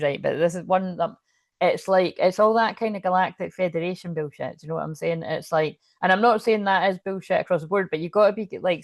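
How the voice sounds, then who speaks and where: A spiritual channel host and tarot reader speaks in a lowish voice with clean studio sound and no echo. During a casual spiritual livestream she rambles frankly, swearing freely, with plenty of fillers and restarts.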